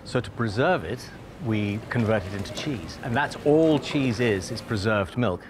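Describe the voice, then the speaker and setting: A cheesemaker answering interview questions, explaining thoughtfully with small hesitations. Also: male voice, fairly low pitch, expressive, normal speed. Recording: noisy background ambience.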